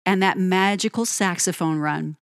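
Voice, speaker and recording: A woman giving an admiring, unhurried commentary on a pop ballad. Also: on the low side, no room sound, clean studio sound. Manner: admiring, lingers on phrases, sings lyric snippets. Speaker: music reviewer. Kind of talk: song-by-song music commentary.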